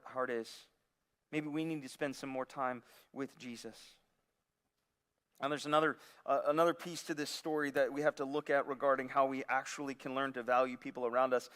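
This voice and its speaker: A man preaching a sermon, telling a parable in an animated way with frequent restarts. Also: medium pitch. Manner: animated storytelling with repeated restarts. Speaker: pastor. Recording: long hall reverb.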